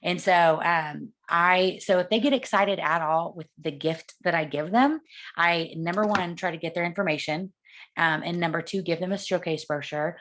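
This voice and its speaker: A woman's voice: lowish voice, moderate pace, fairly bright tone. A woman giving sales tips in a casual coaching talk, chatty and acting out the conversations she quotes. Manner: chatty, acts out quoted dialogue.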